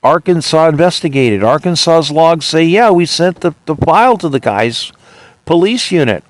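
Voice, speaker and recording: A man's voice: on the high side, lively intonation, moderate pace, dry recording. A man hosting his own podcast, ranting indignantly and retelling his arguments with officials. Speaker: podcast host. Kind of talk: monologue.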